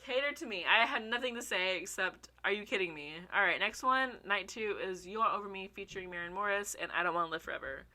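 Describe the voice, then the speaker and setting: A young woman chatting casually to her viewers, excitable, swearing freely and laughing often. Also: medium pitch, fast, hardly any pauses. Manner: talks to her viewers as y'all. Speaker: vlogger. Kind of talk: casual chat.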